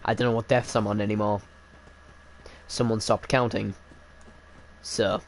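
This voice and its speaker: A man's voice: on the low side, flat delivery, a little slow, slight background noise. A man casually commenting while he plays a game, joking at his own expense and chatting with viewers by name. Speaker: streamer. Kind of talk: casual live-stream commentary while gaming.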